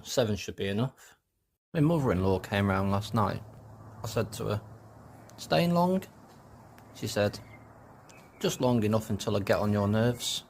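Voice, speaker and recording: A British man telling one-liner pub jokes, pitching his voice up for the quoted characters. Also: a little mellow, a little hiss or hum. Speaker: comedian.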